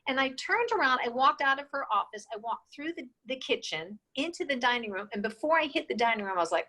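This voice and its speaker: Animated, bright-voiced woman telling stories. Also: sits high, brisk, few pauses, rough recording. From New York State. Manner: animated storyteller who acts out quoted dialogue. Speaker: interview guest. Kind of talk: casual storytelling interview.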